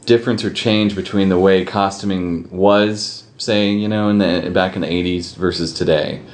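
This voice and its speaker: A man's voice: sits low, fairly even intonation, normal speed, a little mellow. A man interviewing a guest, mostly giving brief replies and asking plain questions.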